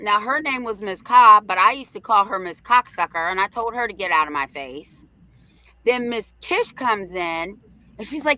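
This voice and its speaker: A middle-aged woman hosting a livestream, telling a story in a brash, profane, animated way. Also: mid-range voice, normal speed, no room sound, poor audio. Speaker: host.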